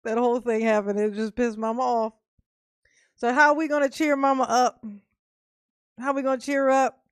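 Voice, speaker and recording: High, profane woman ranting and laughing. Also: normal speed, clear, resonant tone, no echo, studio quality. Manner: profane, laughing, animated Southern-Black-vernacular delivery. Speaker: commentary vlogger. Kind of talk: casual ranting commentary.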